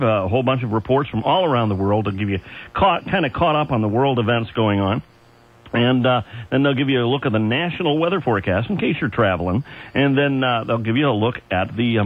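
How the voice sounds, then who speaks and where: A man working as an overnight radio DJ, chatting in a folksy way with chuckles and asides between oldies. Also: medium pitch. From Ohio. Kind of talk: casual on-air oldies patter. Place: radio studio. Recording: tinny AM radio aircheck with faint music.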